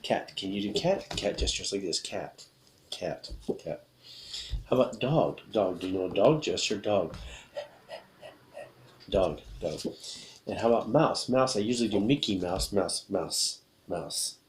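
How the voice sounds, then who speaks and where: A fairly low-voiced man leads an English lesson to camera, repeating each word slowly while he shows its gesture. He sounds upbeat and patient. A faint hiss sits under the recording. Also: animated. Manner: upbeat, repetitive, demonstrating words slowly. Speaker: English teacher. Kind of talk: video lesson teaching gestures to learners.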